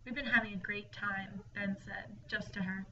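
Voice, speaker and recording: A woman narrates a ghost story in a hushed, storytelling way, sometimes sinking into whispers. She sits a little away from the microphone. The recording is dull, with a faint hiss underneath. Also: medium pitch, fairly even intonation, moderate pace, distant mic.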